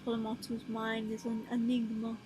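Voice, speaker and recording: A young woman with a high, light voice chats aimlessly while she draws on stream. She mumbles in a soft, low-key way and drops casual swears. A faint hiss sits under her voice. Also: monotone, normal speed. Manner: talks to her drawn characters. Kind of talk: rambling casual chat while drawing.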